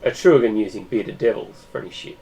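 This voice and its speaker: A man's voice: on the low side, quick pace, dark tone, poor audio. A man playing a tabletop game, chatting in a blunt, dry way. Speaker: player. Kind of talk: casual tabletop game chat.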